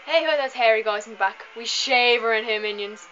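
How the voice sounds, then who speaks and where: A boastful, bossy villain king of a video game, read out by a woman in a bright, forceful voice with little change from her own. The recording is slightly dull and lo-fi. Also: fairly high pitch, brisk, slight background noise, close to an everyday voice.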